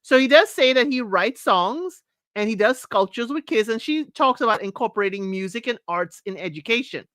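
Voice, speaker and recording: Woman host, reality recap chat: sassy, animated, higher pitch, dry close mic. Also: normal speed, dry recording. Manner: sassy, animated, laughs often, mimics cast members. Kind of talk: live recap chat to viewers.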